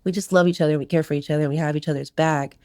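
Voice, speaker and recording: A woman's voice: sits low, fairly even intonation, racing, darkish tone, no echo, studio quality. A woman, a podcast guest, casually telling her life story in a candid interview and acting out what others said.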